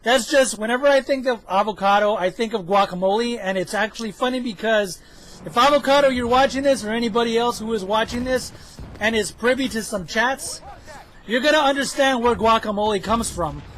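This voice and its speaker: Man, very high voice, casual gameplay commentary, self-mocking and chatty, faint game noise behind. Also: brisk, fairly bright tone, low-quality recording. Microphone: headphones with mic.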